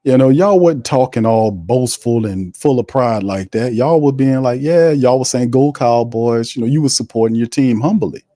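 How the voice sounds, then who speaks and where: Guy hosting a football watch stream, mellow low tone, dry close sound, chats w viewers and gets hyped on big plays. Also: moderate pace, few pauses, dry recording. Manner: chatty, shouting out viewers between plays; excitable on big hits. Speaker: watch party host. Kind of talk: casual live-stream play-by-play.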